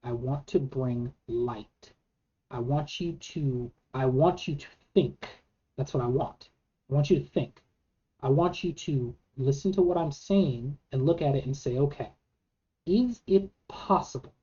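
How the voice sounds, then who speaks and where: Low-voiced woman arguing earnestly. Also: unhurried, dark tone, dull audio. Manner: earnest, emphatic, rhetorical questions, frequent restarts. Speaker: vlogger. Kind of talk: argumentative monologue.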